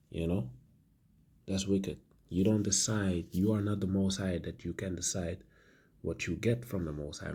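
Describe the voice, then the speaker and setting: Man, low voice, gravelly, hesitant preaching commentary, lots of "uh". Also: a little mellow. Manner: halting, repeats words, many fillers; ends phrases with "man". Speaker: religious commentator.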